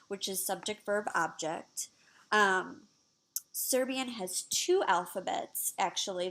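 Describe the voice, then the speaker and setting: A woman giving a class presentation on language teaching, hesitant with frequent pauses and fillers. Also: medium pitch, gravelly, fairly bright tone. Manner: hesitant, many ums. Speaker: student presenter.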